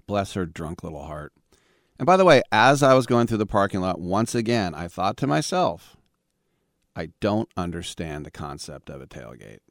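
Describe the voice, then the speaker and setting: A low-pitched man in his fifties from the San Francisco Bay Area hosts a sports talk radio show. He delivers a wry, rambling monologue full of sarcastic asides, captured in clean studio sound with no room sound.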